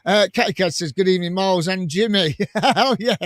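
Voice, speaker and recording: A man's voice: high-pitched, brisk. A man hosting a casual live fan stream, reading viewer comments aloud in a chatty way and laughing often. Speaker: fan channel host.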